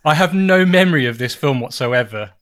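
A man's voice: medium pitch, animated, normal speed, fairly bright tone, smooth. A man hosting a casual film chat, rambling and self-mocking with frequent laughs. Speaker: podcast host reviewing films.

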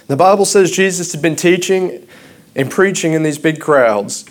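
A man preaching a sermon, starting out halting and rambling, then growing louder and impassioned. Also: a little high.

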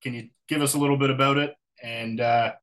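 A man hosting a podcast, chatting casually with a relaxed, laughing, slightly fumbling way of asking. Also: mid-range voice, brisk. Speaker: podcast host. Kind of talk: casual interview chat.

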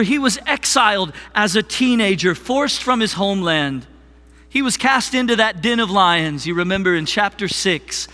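A man preaching a sermon as worship pastor, slow and deliberate, leading the congregation in call-and-response. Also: high voice, pushed and bright, long reverb tail. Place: church sanctuary.

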